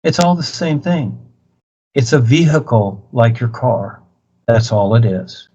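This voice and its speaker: A man's voice: medium pitch, lively intonation, measured pace, a little mellow, husky. Brief: man, spiritual teacher type, lecturing over a dull video call, repeats himself, keeps pressing his point. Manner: insistent, repetitive, preachy. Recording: muffled video-call audio.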